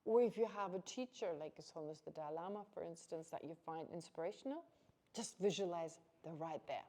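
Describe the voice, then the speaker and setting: A woman's voice: lowish voice, brisk, warm tone. A woman giving an informal Buddhist teaching to a class, chatty and conversational, laughing often and restarting her sentences.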